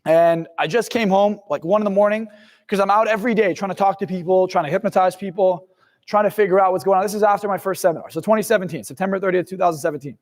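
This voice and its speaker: In a room with long reverb, a young man in his twenties who works as a motivational speaker and hypnotist tells his own life story to camera. His voice is high-pitched and fast, and he speaks intensely and bluntly, swearing now and then.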